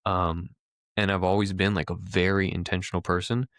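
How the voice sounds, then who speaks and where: Deep-voiced reflective man podcast host. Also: level tone, normal speed, fairly bright tone, no room sound, clean studio sound. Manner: reflective, hesitant, restarts often. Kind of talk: casual chat.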